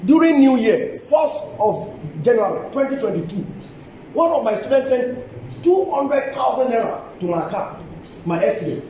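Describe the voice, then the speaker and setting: In a university lecture hall, an older man with a Nigerian English accent gives colleagues a lively, emphatic seminar, coaxing them and repeating key phrases. His very high, very animated voice is mellow and moves at a moderate pace. Captured from a distance, the echoey hall has faint ambience and slight background noise.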